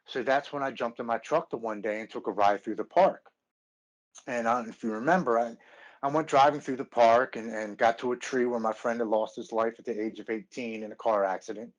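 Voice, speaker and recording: A man's voice: medium pitch, steady tone. A man in his thirties, a podcast guest, telling his recovery story earnestly, stopping and restarting often. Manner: earnest, halting with many restarts. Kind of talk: personal recovery story, casual chat.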